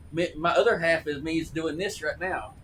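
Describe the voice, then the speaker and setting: A man's voice: on the high side, a bit bright. A man chatting casually on a live stream, rambling with frequent restarts and repeated words. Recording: distant mic with faint noise.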